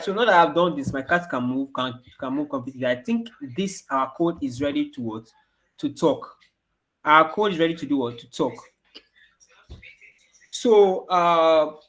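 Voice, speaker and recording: A man's voice: fairly high pitch, fairly bright tone. A man teaching an online coding class to children, asking questions and answering them himself. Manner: repeats questions for the kids to answer. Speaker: programming teacher.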